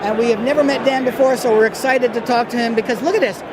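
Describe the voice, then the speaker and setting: A man's voice: very high-pitched, fairly even intonation, quick pace. A man hosting a casual convention interview in an upbeat, chatty way. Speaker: interviewer host. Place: busy convention hall. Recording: loud crowd and hall noise.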